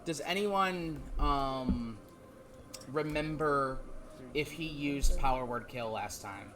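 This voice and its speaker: A man running a live tabletop game as dungeon master, narrating the action and briskly making rulings. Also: mid-range voice, noisy background. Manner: brisk, directing turns and rulings.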